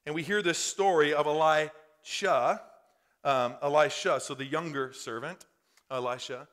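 A man's voice: a little high, unhurried, fairly bright tone. A man preaching a sermon as pastor to his congregation, fervent and conversational. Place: church in front of a congregation.

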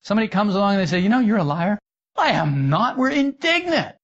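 A man giving an esoteric talk to a group, lively and humorous, acting out little imagined dialogues and laughing at himself. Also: high-pitched, rapid-fire. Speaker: spiritual teacher. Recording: dull lo-fi sound.

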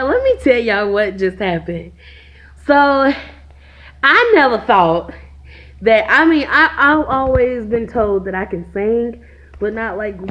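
A woman's voice: a little high, fairly bright tone, highs cut off, slight background noise. A woman in her twenties chatting casually to her viewers in a vlog, calling them "y'all" again and again. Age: 20s. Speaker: vlogger, single mother. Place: at home.

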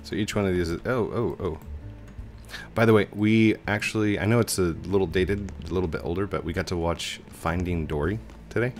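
A man casually commentating a video game he plays, goofing around with silly sound effects and sudden high yelps. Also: brisk, soft background music. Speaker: gaming YouTuber. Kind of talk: casual let's-play commentary.

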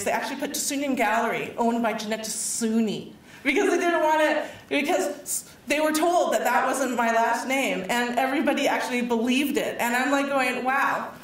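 Animated woman in an echoey hall. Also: a little high. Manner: animated storytelling with laughs and acted-out quotes. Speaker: award recipient giving a speech. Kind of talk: personal speech to an audience. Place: public event hall. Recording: echoey hall, mic far off.

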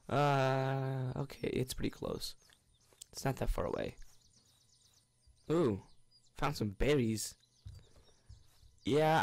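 A man's voice: medium pitch, dry recording. A young man giving goofy, rambling commentary on a game he is playing, with bursts of panicked shrieks. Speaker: gaming YouTuber. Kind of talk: let's play commentary.

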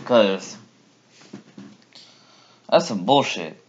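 A man vents to his camera in a loose, profane rant, his pitch jumping high and low as he mocks people. The sound is a bit dull and lo-fi. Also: drawn-out words. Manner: animated, profane, mock voices for characters. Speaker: vlogger. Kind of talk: casual ranting commentary.

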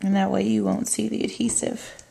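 A woman demonstrating card making step by step, calmly narrating what she does with her hands. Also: medium pitch, fairly quick, creaky, background noise. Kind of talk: step-by-step craft tutorial.

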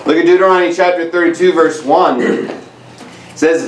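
A man's voice: on the high side, moderate pace, roomy sound, distant mic, a little hiss or hum, rough recording. A man preaching a sermon as pastor, emphatic and repetitive, reading scripture aloud. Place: church sanctuary.

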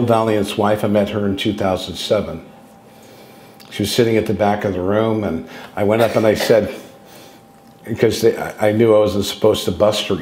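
With a lowish, slightly mellow voice and a little hiss or hum on the recording, a man in his sixties tells digressive personal stories as a guest speaker on contact experiences. He restarts frequently and acts out quotes, and the room sounds echoey.

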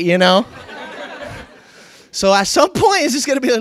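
A man preaching a sermon, swinging from loud bursts to hushed lines and repeating key phrases for emphasis. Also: sits high, sing-song, normal speed, pauses often. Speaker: pastor.

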